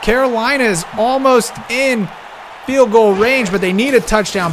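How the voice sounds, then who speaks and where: A man calling a simulated football game play by play. He gets excitable, rises to shouts on big plays, and keeps talking straight to the listeners as folks. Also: sits high, moderate pace, a little hiss or hum. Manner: talks directly to the audience, calling them folks. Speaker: play-by-play commentator.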